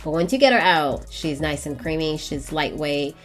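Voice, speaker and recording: A woman's voice: sits low, expressive, normal speed, soft background music. A young woman with a congested, stuffy voice, chatting playfully with her viewers in a casual hair tutorial. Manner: playful, sassy asides to viewers. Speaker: hair vlogger.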